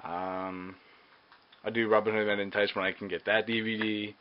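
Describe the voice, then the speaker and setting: A man's voice: fairly low pitch, level tone, moderate pace. Hesitant man on a dull lo-fi recording. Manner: hesitant, many ums and uhs. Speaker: movie reviewer. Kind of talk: casual movie review. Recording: dull lo-fi recording with faint hiss.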